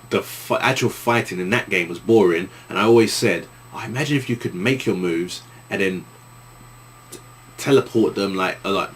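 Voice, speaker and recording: A man's voice: low voice, a little hiss or hum. A young man with an East London accent, answering viewer questions in a casual vlog, rambling with many restarts.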